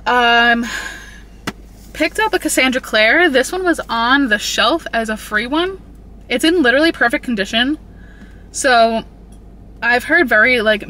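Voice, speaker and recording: Chatty woman vlogging in her car, kinda breathless, bright voice, a little hiss behind. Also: a little high. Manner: chatty, upbeat, rambling. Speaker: book vlogger. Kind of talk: casual vlog chat.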